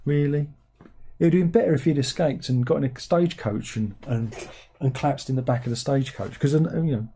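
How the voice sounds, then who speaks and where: A man's voice: fairly high pitch, animated, normal speed, dark tone, breathy edge. A man hosting a casual film review, reading out viewer comments in a rambling, sardonic way with incredulous outbursts.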